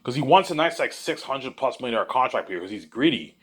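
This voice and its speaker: A man's voice: medium pitch, big pitch swings, fast talker, fairly bright tone. A man rambling in a casual monologue, repetitive and boastful. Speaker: monologue host.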